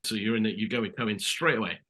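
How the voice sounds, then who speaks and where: A man's voice: lowish voice, rapid-fire, bright, forceful tone, a little hiss or hum. A British man in his thirties, an actor telling rambling stories in a casual interview, full of restarts and calling the host mate. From Britain. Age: 30s. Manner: rambling storyteller, many restarts, says mate. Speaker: actor guest.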